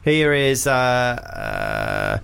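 A man's voice: medium pitch, wildly swooping pitch, extremely slow, vocal fry, fairly bright tone, clear, resonant tone. Giggly male radio co-host. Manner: jokey, giggly, reads listener messages aloud. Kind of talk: comedy radio banter. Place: radio studio.

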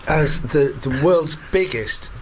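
A man's voice: a little high, a little hiss or hum. A man hosting a casual podcast chat, joking and playful. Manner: joking, playful, quick asides.

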